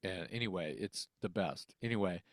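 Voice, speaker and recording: This man's voice is low and moderately paced, captured in a dry, studio-quality recording. He's a singer from Texas who also teaches music, and as an interview guest he tells a story casually, playing out phone calls and swearing freely.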